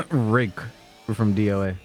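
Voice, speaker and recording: A man commentating a fighting-game tournament stream in joking, animated banter with his co-host. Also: on the low side, takes it slowly, soft background music. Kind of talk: casual esports commentary.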